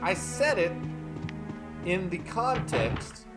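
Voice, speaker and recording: Playful, animated male game streamer. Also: high-pitched, slow, over music. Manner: joking, playful, chatting with viewers. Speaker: livestreaming gamer. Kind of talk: casual live-stream chat.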